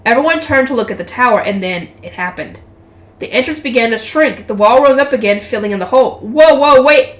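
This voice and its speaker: A woman's voice: a little high, expressive, quick pace. A woman reading a light novel aloud for her channel, breaking off into chatty, swearing asides. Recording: roomy echo.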